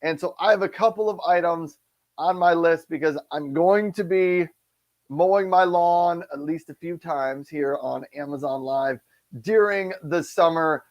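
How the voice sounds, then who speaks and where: A man's voice: fairly high pitch, a little slow. A man co-hosting a live shopping show, explaining the segments and his wish-list items in an upbeat, chatty way. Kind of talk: casual live-stream product chat.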